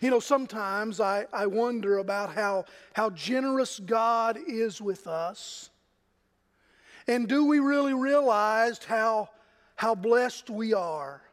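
A man pastor delivers a sermon in a strikingly high voice. He talks in a folksy, conversational way, often turning to the congregation with questions. His voice rings out with the long reverb of a church hall. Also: takes it slowly.

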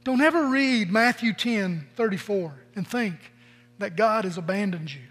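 High-voiced pastor preaching in a big hall. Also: male voice, normal speed, fairly bright tone. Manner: conversational storytelling, acts out quoted voices. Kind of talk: sermon. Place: church sanctuary. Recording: long reverb of a large hall.

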